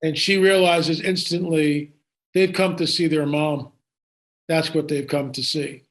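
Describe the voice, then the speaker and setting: A man, the guest in an interview, telling a story with excitement and frequent restarts and asides. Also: fairly high pitch, measured pace.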